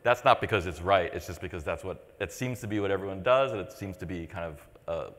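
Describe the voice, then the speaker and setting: A man's voice: deep voice, fast, a bit bright. A man in his forties co-hosting a podcast, talking thoughtfully and rambling with lots of fillers and restarts. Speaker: podcast co-host. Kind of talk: casual podcast chat. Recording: long reverb.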